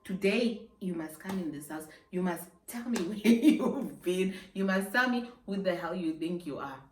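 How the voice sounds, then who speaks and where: A woman's voice: fairly low pitch, expressive, normal speed, recorded from a distance, a little hiss or hum, close to an everyday voice. An angry, controlling young boyfriend who hectors and repeats his accusations, as a woman puts him on. The voice rings in a roomy space and sits a little away from the mic. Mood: accusing. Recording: roomy sound, a bit off-mic.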